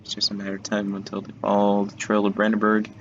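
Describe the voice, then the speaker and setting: A man's voice: fairly low pitch, monotone, fast, a bit bright, dull audio, a little hiss or hum. A man reading a note as a scheming, cold-hearted castle lord in a haughty put-on accent. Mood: scornful.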